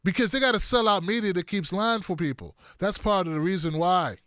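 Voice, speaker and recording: A man's voice: high-pitched, a little fast, a bit bright, smooth, no echo, clean studio sound. Combative man ranting on a stream. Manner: combative, sarcastic, profane. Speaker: host of a political commentary show. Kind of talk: live-stream commentary.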